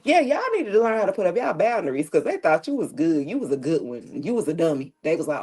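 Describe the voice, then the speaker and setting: A woman's voice: low voice, big pitch swings, a little fast, dark tone, slightly rough. A woman reading tarot on a live stream, chatting casually and joking with slang and profanity, often laughing as she talks.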